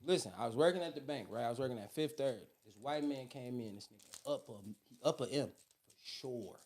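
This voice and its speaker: A man with a Detroit accent telling a story on a casual podcast, animated and acting out the people in it. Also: mid-range voice, fairly quick. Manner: animated, acts out quoted voices loudly. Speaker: podcast co-host. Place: podcast studio.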